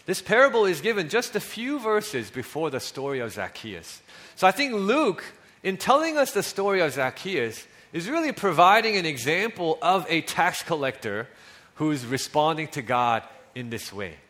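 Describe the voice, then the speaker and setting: A male pastor preaches in a relaxed, conversational manner. His voice sits a little high for a man and moves a lot. He often drops soft and low on key lines. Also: normal speed. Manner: conversational, with frequent fillers and restarts, dropping soft on key lines. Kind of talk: sermon.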